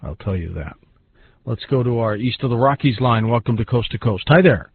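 A man's voice: medium pitch, animated, brisk. A man hosting a late-night call-in radio show, asking wry, teasing questions. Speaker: radio talk show host. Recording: phone-like radio broadcast, faint hiss.

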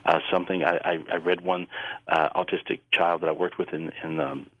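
A deep-voiced man with a husky edge talks earnestly and at length, circling back over his own words. His voice sits close and dry on the mic. The audio has the dull, muffled sound of a radio broadcast. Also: flat delivery, dry recording. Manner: earnest, rambling, halting with repeated words. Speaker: psychic guest. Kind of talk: radio interview chat.

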